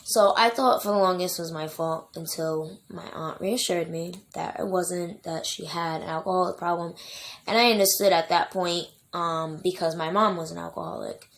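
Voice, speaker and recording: A woman's voice: lowish voice, steady tone, normal speed, vocal fry. A young adult woman telling her own life story in a vlog, emotional and rambling, with many fillers and restarts. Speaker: vlogger.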